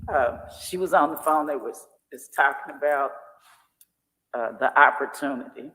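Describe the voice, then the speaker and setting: A woman's voice: very deep voice, moderate pace, bright, forceful tone, a little hiss or hum. A woman chairs a school board meeting, her remarks heartfelt and openly emotional in a folksy way. Her voice rings out with the long reverb of a large boardroom.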